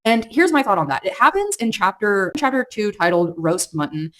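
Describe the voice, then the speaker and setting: A woman's voice: mid-range voice, big pitch swings, moderate pace. A woman chatting casually through a book review vlog, rambling with lots of fillers and restarts. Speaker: book vlogger.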